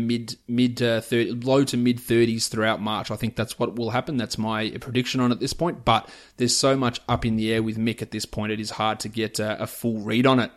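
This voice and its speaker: A man hosting a fantasy basketball podcast, reeling off player stats and prices in a chatty, opinionated way. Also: mid-range voice. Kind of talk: casual podcast analysis.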